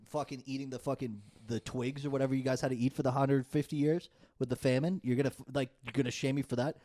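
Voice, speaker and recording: A man's voice: medium pitch, fairly even intonation, fast talker, warm tone. A man, co-hosting a casual podcast chat and ranting heatedly with plenty of swearing. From United States. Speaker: podcast co-host.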